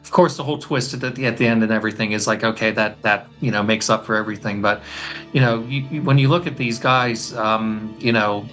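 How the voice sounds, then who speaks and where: Guy with a bright forceful voice, knows his old movies, lots of um and uh. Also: fairly low pitch, soft background music. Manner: knowledgeable, measured, hesitant fillers. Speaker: film writer and guest. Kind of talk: casual film discussion.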